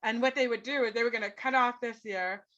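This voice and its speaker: A middle-aged woman recounts her own story as an interview guest, earnest and emphatic, often tagging her sentences with a quick "right?". Her voice is bright and sits a little high. The recording is dull and lo-fi. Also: steady tone. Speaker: guest, author. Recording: dull lo-fi podcast audio.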